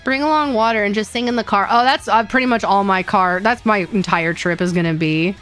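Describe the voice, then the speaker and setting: A woman's voice: medium pitch, fairly quick, a bit bright, faint music behind. A young woman streaming casually, rambling with bubbly energy, laughing often and repeating her words as she chats. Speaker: VTuber streamer. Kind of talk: casual livestream chat.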